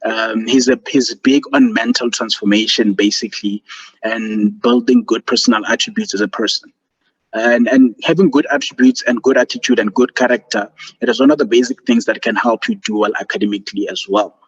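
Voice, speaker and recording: A man's voice: medium pitch, expressive, brisk, breathy edge. A man presenting a student seminar over a video call, earnest and encouraging, with fillers. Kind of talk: motivational online seminar talk. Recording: dull lo-fi call audio.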